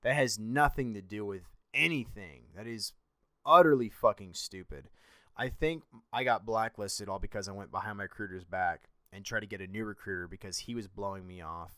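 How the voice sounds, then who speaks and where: A man's voice: fairly low pitch, normal speed, bright, forceful tone, no room sound, studio quality. A young man hosting a podcast, telling a personal story in a blunt, rambling and profane way. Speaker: podcast host.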